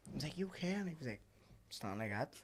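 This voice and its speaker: Belfast podcast host, male, talks quickly, lively anecdotes, salty language. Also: medium pitch, a little hiss or hum. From Northern Ireland. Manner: animated storyteller, swears freely, acts out quoted voices. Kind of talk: casual chat.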